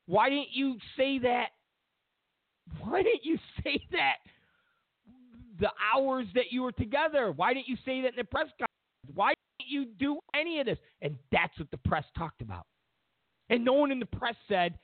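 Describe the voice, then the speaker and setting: A man with a very high, very animated voice speaks at a moderate pace, hosting a political commentary show where he rants sarcastically and mocks people in exaggerated put-on voices, repeating himself for emphasis. The opinionated rant is recorded dry with a narrow, phone-like sound and no echo.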